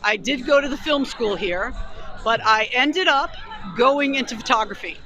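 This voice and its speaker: A woman's voice: on the high side, expressive, moderate pace, bright, forceful tone, rough recording. A middle-aged woman from New York with a strong New York accent, talking bluntly and emphatically in a street interview outdoors in a city park. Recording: street interview with crowd behind.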